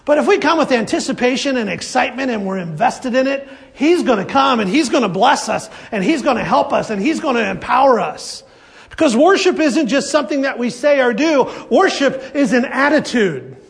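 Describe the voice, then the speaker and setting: A man preaching a sermon at a church service, lively and acting out the voices of his congregation. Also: very high-pitched, normal speed, vocal fry. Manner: animated, acts out congregation voices. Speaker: pastor.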